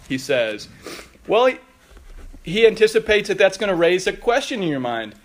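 Emphatic high-voiced male pastor. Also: sing-song, normal speed, long pauses. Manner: emphatic, rising on quoted scripture. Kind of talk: sermon.

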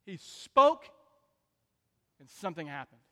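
A man preaching a sermon, shifting between soft asides and loud, emphatic peaks. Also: high voice, very animated, slow pace. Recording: long reverb of a large hall.

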